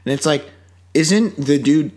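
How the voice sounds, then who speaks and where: Podcast guy with a slightly high voice, sarcastic, riffs on a movie and does mock quotes. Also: measured pace, a little mellow. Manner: sarcastic, acts out mock quotes, swears freely. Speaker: podcast co-host. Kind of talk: casual movie review chat.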